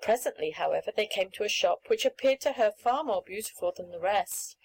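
A woman reading a children's story aloud in a clear, measured storytelling manner. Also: medium pitch, animated, poor audio. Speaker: audiobook reader. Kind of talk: scripted narration of a children's story.

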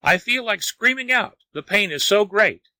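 A man's voice: sits high, animated, moderate pace, sharp tone, dry recording, voice pushed up, exaggerated voice. A man voicing a wailing, begging lazy man. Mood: pleading. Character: frantic itching lazy man, pleading.

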